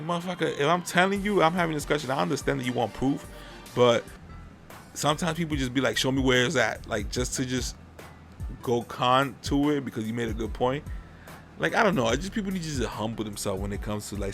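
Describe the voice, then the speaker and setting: A man's voice: mid-range voice, fast talker, gravelly, fairly bright tone, faint music behind. A man hosting a podcast in casual chat, rambling and swearing freely as he airs his opinions. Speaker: podcast host.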